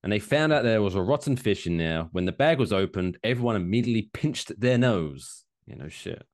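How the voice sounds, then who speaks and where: Lively low-voiced man co-hosting. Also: fairly quick. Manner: animated, swearing, jokey mock quotes. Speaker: podcast co-host. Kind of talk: casual chat.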